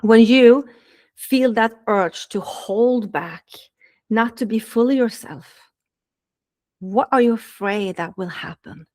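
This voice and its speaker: A woman's voice: fairly high pitch, takes it slowly, darkish tone. A woman dating coach speaking earnestly to listeners in a podcast monologue, repeating key phrases for emphasis.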